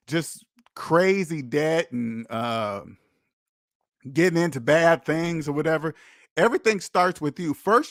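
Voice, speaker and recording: A man delivers a preachy personal finance monologue straight to his viewers, leaning hard on repetition for emphasis. His voice sits a little high for a man. The recording is dry and close, with no room sound. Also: fairly bright tone, no room sound. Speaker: personal finance channel host. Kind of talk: preachy direct-to-camera monologue.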